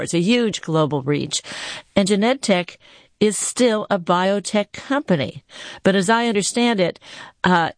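A woman hosting a radio interview, asking questions in a measured, conversational way. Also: medium pitch, dry recording. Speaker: radio show host. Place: radio studio.

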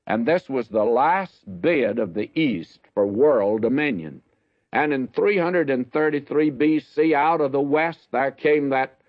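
An older man walks through Bible history in an unhurried, folksy teaching voice. The recording is dull and lo-fi, with a dry, close sound and no room echo. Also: mid-range voice. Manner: folksy, measured, explanatory.

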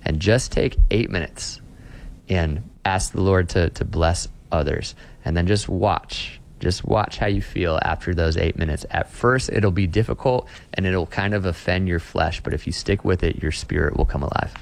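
This Christian author, speaking as an interview guest, has a low, creaky voice and talks at normal speed. His tone is earnest and emphatic as he discusses faith and paraphrases scripture.

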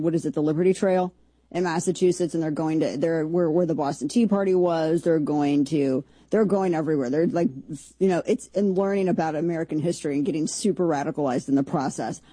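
Woman host, casual political commentary, rambling and sarcastic, husky mellow voice, dry sound. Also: deep voice, fairly quick, dry recording. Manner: chatty, rambling, sarcastic asides.

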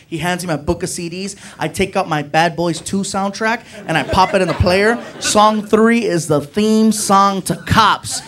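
A man's voice: sits high, moderate pace, hardly any pauses, a crowd in the background. A man doing stand-up, telling a story and acting out the characters. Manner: animated, acts out characters. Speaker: stand-up comedian. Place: comedy stage. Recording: live audience laughter.

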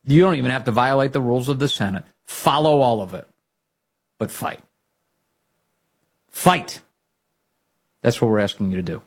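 A man hosting a political talk show, giving emphatic, opinionated commentary that grows excited when he rallies listeners. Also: medium pitch, moderate pace, pauses often.

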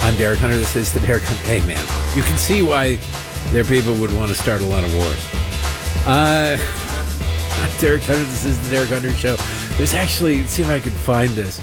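A man's voice: medium pitch, lively intonation, fairly quick, over loud music. A man hosting his own talk show, delivering a rambling, sarcastic monologue full of mocking asides.

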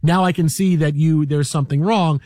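A man with a high voice chats casually and tells his story in a rambling, animated way, often restarting his sentences. The recording is close and dry, with no room sound. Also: moderate pace, no room sound. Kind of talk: casual chat.

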